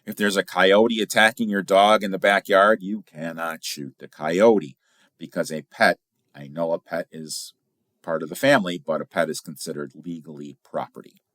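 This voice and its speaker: A middle-aged man from Illinois hosting a casual podcast as a firearms instructor, telling stories in a chatty, animated way with big jumps in pitch for emphasis. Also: normal speed, dry recording, clean studio sound. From Illinois, USA.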